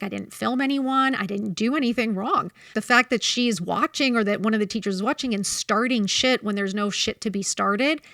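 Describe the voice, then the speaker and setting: A woman in her fifties telling a story on her podcast, blunt and full of swearing. Her voice sits in an ordinary middle pitch and sounds close and dry, with no room around it. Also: a bit bright, no echo. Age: 50s. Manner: blunt, profane and heated in retelling. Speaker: podcast host. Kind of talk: candid storytelling chat.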